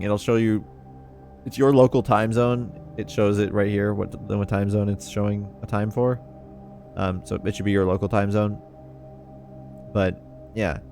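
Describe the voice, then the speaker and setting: A man's voice: fairly low pitch, a little mellow. A man streaming a puzzle game, chatting in a laid-back, rambling, self-mocking way. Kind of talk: casual gameplay commentary.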